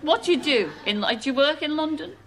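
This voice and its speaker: A woman's voice: high-pitched, expressive, a little fast, rough recording. A woman with a Liverpool accent hosting a studio game show, bubbly and teasing and laughing often. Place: TV studio with live audience. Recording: loud studio audience and noise.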